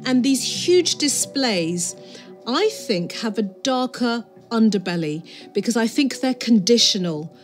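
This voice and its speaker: A woman's voice: on the high side, expressive, a little slow, soft background music. A woman in a documentary interview, speaking in a reflective, analytical way. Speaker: interviewee, commentator.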